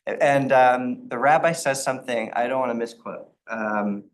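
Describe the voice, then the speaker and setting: A man's voice: medium pitch, normal speed. A rabbi teaching an informal Torah study class, talking in a conversational way and acting out the quotes in the stories he tells. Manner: conversational, with frequent restarts and acted-out quotes.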